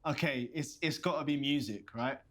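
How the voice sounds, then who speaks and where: A man's voice: mid-range voice, normal speed, a bit bright, lightly acted. An actor with a London accent playing a nervous young man stammering through a video date in a game. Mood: awkward. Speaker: game protagonist. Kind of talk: game voice acting.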